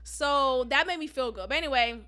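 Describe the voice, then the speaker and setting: A young woman talks straight to the mic in a solo podcast monologue. Her voice sits high and bright. She is blunt and profane, gets fired up fast and slips into laughter. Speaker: podcast host.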